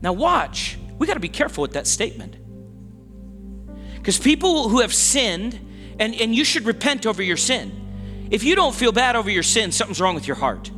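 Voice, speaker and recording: A man's voice: sits high, sing-song, normal speed, bright, forceful tone, big-room sound, soft background music. A man preaching a sermon as pastor, talking in a conversational way that stops and restarts often, with asides to the congregation. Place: church sanctuary.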